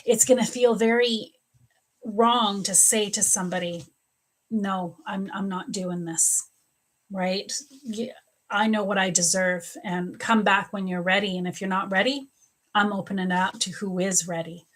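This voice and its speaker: A woman's voice: mid-range voice, steady tone, a little slow, fairly bright tone. A middle-aged woman doing live psychic readings, talking straight to viewers by name, often repeating herself and laughing. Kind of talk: live-stream readings answering viewer questions.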